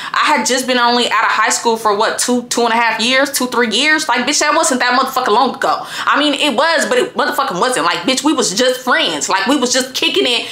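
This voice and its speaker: Foul-mouthed woman telling a story, roomy sound. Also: fairly high pitch. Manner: profane, animated, talks straight to viewers. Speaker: vlogger telling a personal story. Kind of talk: casual storytime monologue. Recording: roomy echo.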